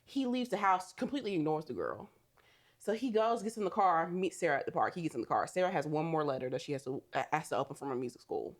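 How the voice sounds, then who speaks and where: A woman's voice: low voice, animated, fast. A woman co-hosting a podcast, animatedly recapping a movie in casual chat, swearing and laughing often. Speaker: podcast co-host.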